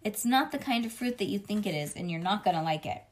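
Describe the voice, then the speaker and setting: A woman's voice: mid-range voice, expressive, quick pace, close to an everyday voice. A woman voicing a patient but exasperated mother in a storybook read-aloud, speaking firmly and wearily. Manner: firm, weary.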